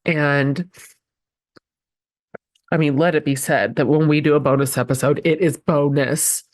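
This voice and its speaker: A woman's voice: deep voice, steady tone, measured pace, a little mellow. A woman in her forties hosting a podcast, introducing her guest with gushing emotion and plenty of ums and restarts. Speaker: podcast host.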